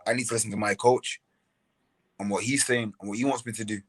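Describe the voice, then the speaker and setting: A man's voice: fairly low pitch, steady tone, fast talker, a bit bright, husky, no echo. A young man, a boxer, talking casually as a podcast guest, often repeating words and restarting his sentences. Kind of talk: casual interview talk.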